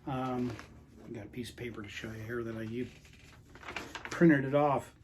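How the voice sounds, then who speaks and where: A man's voice: mid-range voice, fairly even intonation, normal speed, a little hiss or hum. A man hosting his own record collecting channel, telling a rambling, frustrated story to camera with lots of quoted dialogue. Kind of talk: casual rant to camera.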